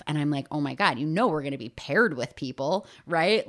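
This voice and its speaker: A woman with a low voice chats casually as a podcast co-host. She tells stories with energy, swears freely and acts out quoted lines. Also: expressive, brisk. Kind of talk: casual chat.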